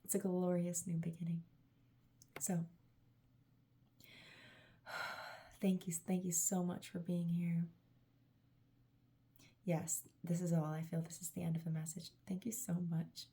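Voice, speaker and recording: A tired, emotional woman giving a gushing, affectionate channeled spiritual message to her viewers, laughing often and dropping into soft whispery asides. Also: low voice, flat delivery, normal speed, vocal fry, pauses often, breathy edge. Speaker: tarot reader and channeler.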